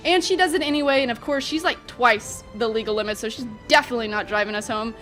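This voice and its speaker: Young woman vlogger, high voice, talks super fast, chatty storytime. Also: soft background music. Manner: animated, chatty, lots of fillers. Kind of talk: storytime vlog.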